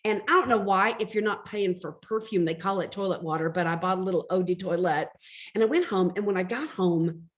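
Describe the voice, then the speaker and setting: A woman's voice: lowish voice, brisk. A middle-aged woman, a life coach giving a motivational lesson through chatty personal stories told straight to her audience. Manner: chatty storytelling, addresses audience directly. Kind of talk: motivational talk.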